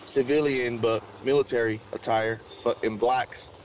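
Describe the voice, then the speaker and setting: A man's voice: medium pitch, fairly even intonation, normal speed, muffled recording, a loud crowd. A man from Mexico telling a story in a rambling, slangy way full of fillers. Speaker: interviewee recounting an encounter. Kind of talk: casual storytelling.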